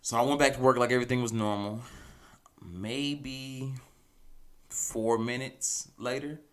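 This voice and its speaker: A man's voice: mid-range voice, measured pace. A man hosting a podcast, telling a story casually and animatedly, often chuckling as he goes. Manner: animated, chuckling, loose conversational delivery. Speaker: podcast host.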